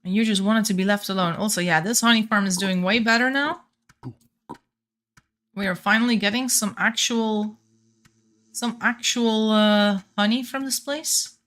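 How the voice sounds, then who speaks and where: A woman's voice: mid-range voice, moderate pace, fairly bright tone. A young woman with a light Flemish accent, chatting casually and thinking aloud while playing a game on stream, often restarting her sentences.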